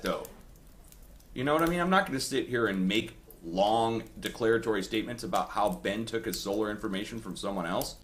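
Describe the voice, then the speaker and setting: A man's voice: medium pitch, a bit bright. Indignant man ranting to his viewers. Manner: indignant, repetitive, addresses viewers as guys. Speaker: earthquake forecast video host. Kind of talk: heated personal rant to viewers.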